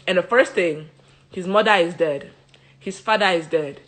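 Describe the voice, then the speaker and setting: A woman hosting a live stream, retelling and joking through a Bible story in an animated, slangy way. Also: lowish voice, moderate pace. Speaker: host.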